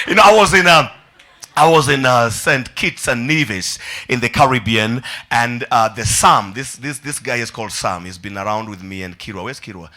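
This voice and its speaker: A male pastor preaching an energetic sermon in a church, calling on the congregation to repeat after him and often shouting. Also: medium pitch, normal speed.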